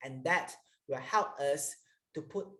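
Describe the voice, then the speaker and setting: A woman coach giving a slow, guiding lesson on calming down and leading a breathing exercise. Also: deep voice. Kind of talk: instructional talk.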